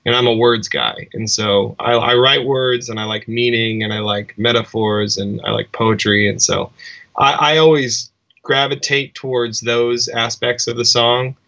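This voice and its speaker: Musician man, reflective interview chat, bright tone, slightly muffled. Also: mid-range voice, level tone, measured pace, vocal fry. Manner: thoughtful, restarts often.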